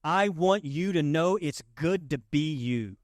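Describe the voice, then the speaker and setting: A pastor with a slightly high, expressive voice preaches slowly in a church sanctuary, captured in a dry, studio-quality recording. His sermon is conversational yet emphatic, with rhetorical questions put to the congregation.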